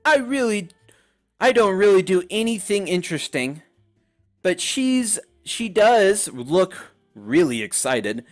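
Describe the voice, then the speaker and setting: Guy doing a shy nervous girl pony from a game, soft and halting, raised pitch, slow. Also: very animated, soft background music, heavily acted. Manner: soft, hesitant, stammering. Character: shy timid young female pony. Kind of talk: reading game dialogue aloud.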